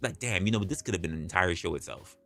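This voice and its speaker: A man's voice: deep voice, fast talker, vocal fry, sharp tone, faint music behind. A man hosting a livestream, talking bluntly and casually with plenty of profanity. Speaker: livestream host.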